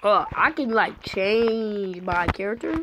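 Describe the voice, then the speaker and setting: A woman playing an online game, slightly hoarse from being sick, excitedly calling out what happens on screen. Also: mid-range voice, takes it slowly, noisy background. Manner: excitable, shouting out reactions to the game. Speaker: gamer.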